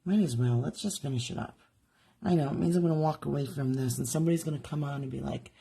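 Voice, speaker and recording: A woman with a low, husky voice leads a live craft demonstration from her home studio. She chats casually and thinks aloud while she works, and her tone stays mellow throughout. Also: fast talker. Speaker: jewelry artist demonstrating live.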